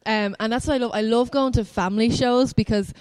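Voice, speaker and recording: A woman's voice: fairly high pitch, steady tone, fairly quick, darkish tone, clean tone, no echo, rough recording. A young Irish woman co-hosting a casual wrestling podcast, chatty and laughing often. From Ireland. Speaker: podcast co-host. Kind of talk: casual chat.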